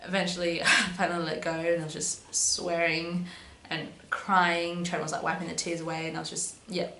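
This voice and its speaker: A woman's voice: fairly low pitch, level tone, moderate pace, bright, forceful tone. A young woman telling a personal story in a casual, chatty way, with lots of "um"s and "but yeah"s. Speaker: vlogger. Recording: echoey room with faint hum.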